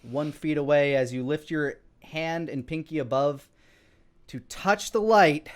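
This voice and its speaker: A man's voice: fairly high pitch, a little slow. A man narrating a tabletop game as dungeon master, describing scenes with frequent fillers.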